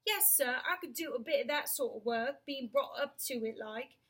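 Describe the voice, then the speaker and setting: A woman's voice: high voice, animated, fairly bright tone, husky, exaggerated voice. A woman doing a humble cockney cabby. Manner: hesitant, slow and deferential. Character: humble working-class London cab driver, plain-spoken man.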